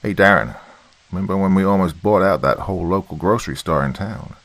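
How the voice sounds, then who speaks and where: A man voicing a curious, chatty male navy chief, in a very deep voice. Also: a little fast, a bit bright, no echo.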